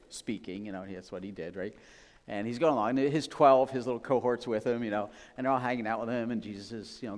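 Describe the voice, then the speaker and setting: Casual, joking pastor in a big hall. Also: male voice, medium pitch. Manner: casual, storytelling, laughs often, acts out voices. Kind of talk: sermon. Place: church sanctuary. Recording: long reverb of a church hall.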